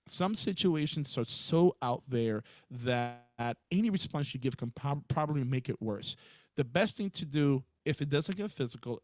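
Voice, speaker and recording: A man co-hosting a podcast, telling an emphatic, animated story in casual conversation. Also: a little high, no echo. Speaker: podcast co-host, HR professional.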